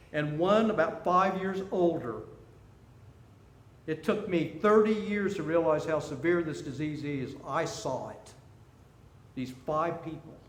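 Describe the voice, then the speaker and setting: A man in his sixties giving a seminar talk, telling stories and jokes with animation. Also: a little high. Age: 60s. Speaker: seminar speaker. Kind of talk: storytelling talk. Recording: echoey room, faint noise.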